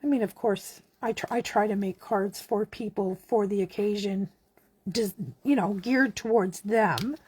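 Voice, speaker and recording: Slow, chatty woman crafting. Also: medium pitch, slightly rough, no room sound. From Canada. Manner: chatty, relaxed, talks while working. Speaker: card-making demonstrator. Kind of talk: casual craft tutorial.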